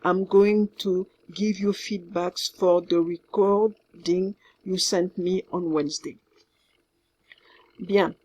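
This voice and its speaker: A woman with a French accent records instructions for her class. She talks slowly and carefully, repeating her points, with a slightly husky voice. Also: on the low side, steady tone, a little mellow, lo-fi sound. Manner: slow, careful, repeats herself, mixes in French words. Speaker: French teacher.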